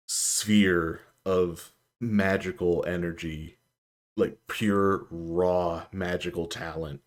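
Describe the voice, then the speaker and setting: A man narrating as game master of a tabletop game, in a calm, measured way. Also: low voice.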